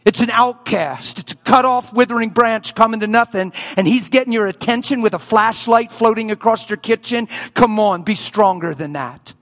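A man preaching a sermon as a story, animated, acting out voices and screams and often laughing. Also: sits high, moderate pace, hardly any pauses.

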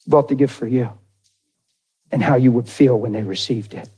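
A middle-aged man preaching a sermon, telling a personal story with animated, emotional delivery. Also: normal speed, breathy edge. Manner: animated and emotional, voice jumping high when quoting his crying wife.

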